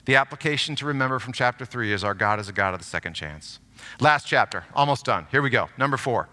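A man preaching a sermon as pastor, animated and reading scripture aloud with strong emphasis in a church. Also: mid-range voice. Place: church sanctuary. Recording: long hall reverb.

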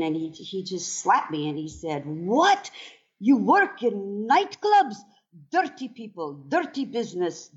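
Slow-speaking woman dancer in her sixties. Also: medium pitch, darkish tone. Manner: slow, reflective, halting with many fillers. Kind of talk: interview storytelling. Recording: dull lo-fi sound.

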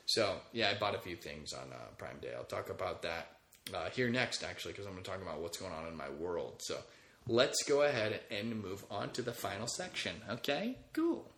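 A man in his thirties rambles through a casual podcast monologue, crude and joking, swearing freely. His voice sits a bit low yet sounds bright and forceful. The room around him is echoey. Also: sing-song, moderate pace. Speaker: podcast host.

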